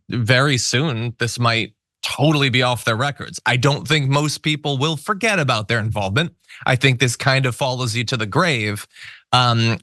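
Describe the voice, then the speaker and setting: A male news host with a bright, forceful voice, giving wry, sarcastic political commentary. The studio sound is dry and close, with no room echo. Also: mid-range voice.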